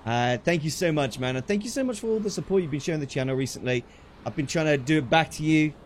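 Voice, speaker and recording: A young English man on a livestream, telling a story in an excitable way, swearing casually and acting out the quotes. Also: a little high, fast talker, slight background noise. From England. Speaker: streamer.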